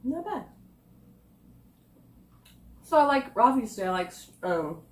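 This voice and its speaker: A woman reviewing snacks in a casual taste-test vlog, chatting and thinking aloud with quiet asides. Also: fairly high pitch, big pitch swings, slow. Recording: echoey room.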